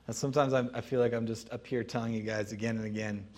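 Man, pastor, casual sermon delivery, middle pitch, relaxed teaching pace. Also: slight background noise. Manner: conversational teaching with pauses and light laughs.

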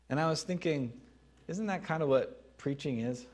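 A man preaching a sermon as pastor, teaching in a conversational way with pauses. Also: fairly high pitch, a little mellow.

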